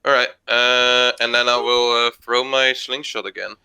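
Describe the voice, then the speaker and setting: A young man describes his character's moves in a tabletop game, hesitant and full of uhs. His voice is very bright and smooth. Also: mid-range voice, little pitch movement, moderate pace, poor audio. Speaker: player. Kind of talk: casual tabletop game chat.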